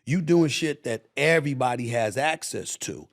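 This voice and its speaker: A middle-aged man, a sports commentator talking as a guest on a casual interview show, loud and passionate, driving his points home with emphasis. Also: mid-range voice, expressive, moderate pace. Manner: loud, passionate, emphatic storyteller who acts out past exchanges.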